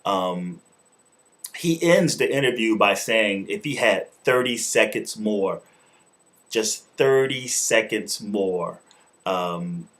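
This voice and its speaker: Low-voiced man giving a casual review. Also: lively intonation, slow, a bit bright. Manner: loose and informal, with casual slang and swearing. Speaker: show host and wrestling reviewer. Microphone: camera mic, talking to camera.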